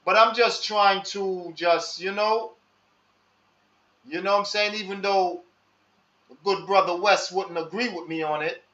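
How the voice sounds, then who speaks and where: Slow-talking man in an echoey room. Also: high voice, fairly even intonation, sharp tone. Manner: slow, street slang, asks the audience for advice. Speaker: live stream host. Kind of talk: casual monologue to live chat. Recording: echoey room, dull lo-fi sound.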